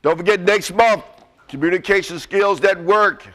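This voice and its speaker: A man giving an energetic, casual motivational talk to a live audience in a presentation room, coaxing them to chant along. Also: high voice, normal speed. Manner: casual, uses y'all. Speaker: presenter at a webinar. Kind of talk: motivational call-and-response talk.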